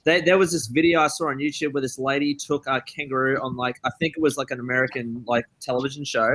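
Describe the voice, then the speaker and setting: A man's voice: medium pitch, steady tone, fast, fairly bright tone, low-quality recording. A man, a band member guest rambling through stories with lots of fillers. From Australia. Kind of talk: casual chat.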